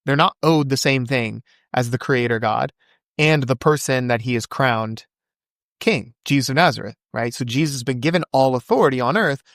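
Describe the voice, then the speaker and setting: A man speaking as a podcast guest in casual conversation, fervent and quick to recite scripture from memory. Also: fairly bright tone, no room sound, studio quality. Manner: acts out quoted voices with big pitch jumps.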